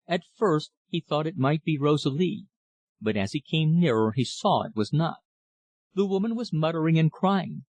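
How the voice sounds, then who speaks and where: A man reading a classic novel aloud as an audiobook narrator, in a steady, measured way. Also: a little high, dry recording.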